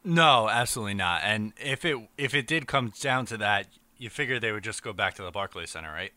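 A man's voice: on the low side, expressive, brisk, pushed and bright, no room sound. A man hosting a casual chat in a laid-back way, with fireworks popping outside. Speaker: podcast host.

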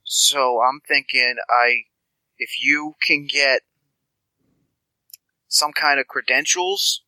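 A man's voice: medium pitch, steady tone, slow pace, bright, forceful tone, no echo, rough recording. A man voicing a friendly, scatterbrained male street informant who stammers and rambles. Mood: rambling.

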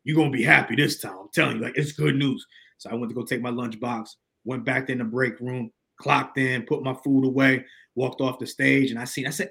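Animated man telling a story. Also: mid-range voice, fairly quick. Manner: animated storyteller, slangy, acts out quotes. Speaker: podcast guest. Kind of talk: storytelling in casual conversation.

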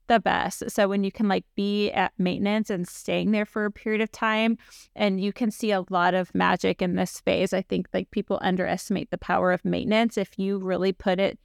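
A woman's voice: medium pitch, little pitch movement, brisk, vocal fry, dry recording, clean studio sound. A woman in her forties, a fitness coach hosting a podcast, talking casually and rambling with many fillers.

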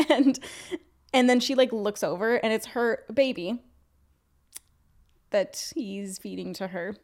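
A young Canadian woman co-hosts a podcast in casual chat, her voice fairly high and slow with frequent pauses. She's chatty, swears freely, and fills her talk with lots of "likes" and other filler words.

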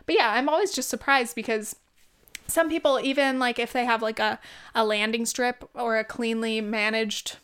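A woman's voice: a little high, steady tone, normal speed, a bit bright, smooth. Chatty young woman who swears a lot. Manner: rambling, lots of "like", swears freely, laughs often. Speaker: vlogger. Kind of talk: casual chat.

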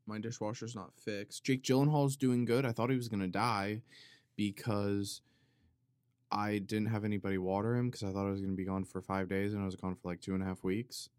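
A man hosting a podcast, talking in a rambling, tangent-hopping casual monologue with plenty of swearing and animated emphasis. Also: on the low side, a little fast, clean tone, no echo, studio quality. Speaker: podcast host.

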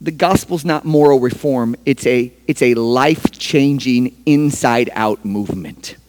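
A man preaching a sermon as pastor, emphatic, with sharp swings from hushed to loud. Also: medium pitch, unhurried, in a large hall.

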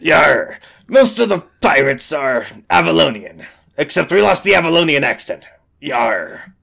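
A man's voice: a little high, sing-song, a little slow, gravelly, pushed and bright, pitched above the performer's own voice, exaggerated voice. A man voicing a boisterous peg-legged female pirate diplomat who growls pirate talk. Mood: blunt.

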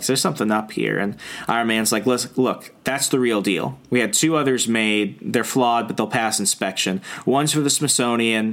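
A man's voice: fairly low pitch, a bit bright. A young man on a podcast, recapping a comic book in casual chat and acting out the characters' lines. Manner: retells scenes, acting out lines in quick voices. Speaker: podcast co-host.

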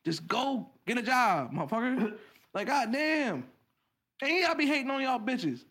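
A man's voice: very high voice, big pitch swings, unhurried, a bit bright. A man co-hosting a podcast, ranting bluntly and profanely in casual chat. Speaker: podcast co-host.

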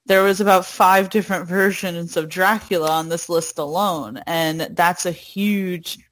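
A woman's voice: on the low side, steady tone, measured pace. A woman hosting a casual podcast chat in an easygoing way. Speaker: podcast host.

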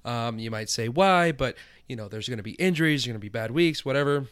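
A man co-hosting a podcast, giving quick, chatty advice full of fillers. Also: mid-range voice, a bit bright, no room sound. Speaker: podcast co-host. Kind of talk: casual fantasy football chat.

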